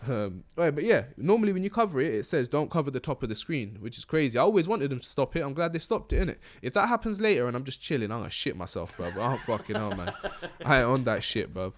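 With a mid-range, expressive voice, a young man hosting a podcast talks at a quick pace with few pauses. His casual chat is slangy and rambling, and he laughs often.

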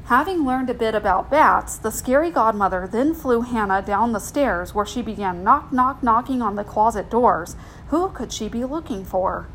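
A woman reading a children's storybook aloud in an expressive, gentle way. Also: a little high, normal speed, slight background noise, poor audio.

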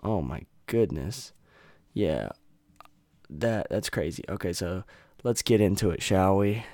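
Low-voiced man hosting a casual podcast. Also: takes it slowly, dark tone, no echo. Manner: casual, sarcastic, swearing, laughs it off. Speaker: podcast host.

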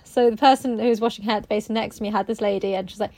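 A woman's voice: a little high, fairly even intonation, very fast, hardly any pauses, a little mellow. A woman co-hosting a casual chat, telling anecdotes and acting out quotes, often laughing. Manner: chatty storyteller, acts out quotes, laughs often. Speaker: podcast co-host.

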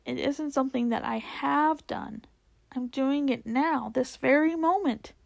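A sorrowful male fawn, put on by a woman storyteller, drags out each word between sobs and deep groans. His voice sits a touch higher and louder than the narration, with a gravelly edge. He sounds wretched with guilt in a storybook reading. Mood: despairing. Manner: slow, sobbing, groaning delivery.

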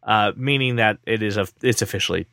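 A man's voice: fairly low pitch, a little fast, sharp tone, no room sound, studio quality. A man co-hosting a casual tech podcast, joking and playing mock-offended while he runs through news. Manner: playful, mock-offended banter. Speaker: podcast co-host.

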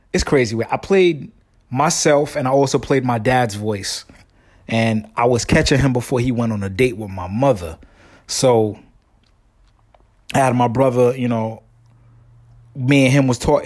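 A man's voice: mid-range voice, darkish tone. Rambling slangy male podcast host. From family from Guyana. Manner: rambling storyteller, slangy, many restarts. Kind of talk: casual solo podcast monologue.

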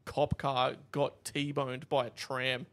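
A man with an Australian accent, a podcast co-host telling stories in casual chat, lively and animated, and loud when he quotes other people. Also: mid-range voice, slow pace. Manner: animated storyteller, shouts out quoted lines.

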